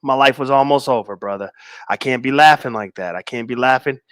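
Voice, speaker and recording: A man in his forties hosts a livestream, reading viewers' comments in laid-back banter and slowing into emphatic stress on his key points. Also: medium pitch, a bit bright, smooth, no echo, studio quality. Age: 40s. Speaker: livestream host.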